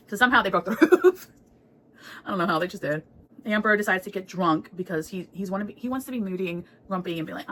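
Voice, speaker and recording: A woman's voice: lowish voice, fast talker, fairly bright tone, a little hiss or hum, low-quality recording. A woman giving a casual, chatty book recap, laughing often and swearing freely. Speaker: book reviewer.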